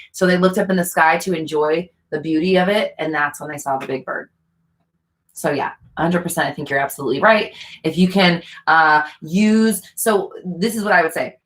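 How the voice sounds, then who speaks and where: Woman, casual advice talk, earnest, repeats herself, slightly lower voice. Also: normal speed, fairly bright tone. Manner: earnest, repetitive, thinks aloud with fillers. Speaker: manifestation coach answering viewer questions.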